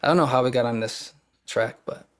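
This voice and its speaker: A young man from Wisconsin speaks as a podcast guest, at a middling pitch for a man. His talk is candid and rambling, full of restarts. He acts out scenes from his own past in quoted lines. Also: a little fast. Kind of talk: casual storytelling conversation.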